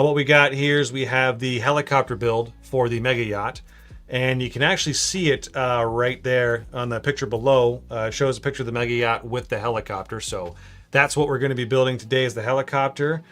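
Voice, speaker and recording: A man's voice: mid-range voice, fairly bright tone. A man hosting a casual live stream from his home studio, chatty and upbeat as he greets viewers. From Canada. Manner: upbeat, chatty, reads viewer comments aloud. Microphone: shotgun mic.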